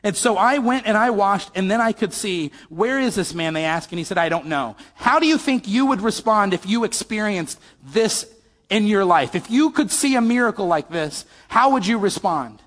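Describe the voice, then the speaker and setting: A man's voice: high voice, expressive, moderate pace, a bit bright, in a large hall. A man preaching a sermon, conversational and questioning, asking the audience to call out answers. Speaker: pastor.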